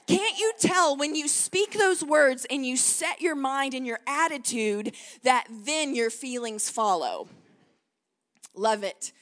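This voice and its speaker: A woman's voice: sits high, expressive, takes it slowly, fairly bright tone, some chatter behind. A woman in her forties with a Texan accent, preaching as a guest pastor in an encouraging manner and leading the congregation in call-and-response. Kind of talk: sermon.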